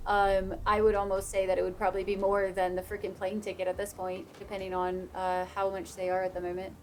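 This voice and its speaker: A woman streaming a game who chats casually with her viewers and laughs often. Her accent drifts playfully whenever she gets animated. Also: mid-range voice, a little fast, slight background noise. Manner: chatty, laughs a lot, drifts between playful put-on accents. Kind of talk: casual live-stream chat.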